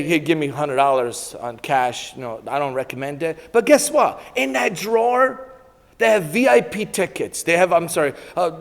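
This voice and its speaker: A middle-aged man born in Italy, giving a lunchtime talk and telling animated anecdotes with laughter. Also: sits high. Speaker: guest speaker. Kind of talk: storytelling talk to an audience. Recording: long reverb in a hall.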